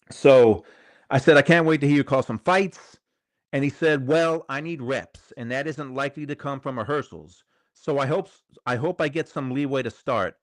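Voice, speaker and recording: A man's voice: medium pitch, dry recording, clean studio sound. Rambling middle-aged man chatting live. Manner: rambling, conversational, repeats phrases. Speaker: show host. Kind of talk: casual live-stream chat reading viewer comments.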